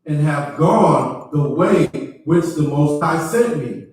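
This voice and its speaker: A man reading scripture aloud in class, slow, careful and formal. His voice sits a little high. He is heard from a distance in a strongly echoing room. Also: expressive, darkish tone. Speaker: student reader.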